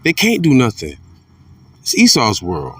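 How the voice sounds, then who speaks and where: A man's voice: wildly swooping pitch, unhurried, a bit bright, breathy edge, no echo, distant mic. Blunt, fired-up preaching man. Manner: blunt, profane, repeats himself, swings from fired-up to low and muttered. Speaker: religious commentator. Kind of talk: informal preaching monologue.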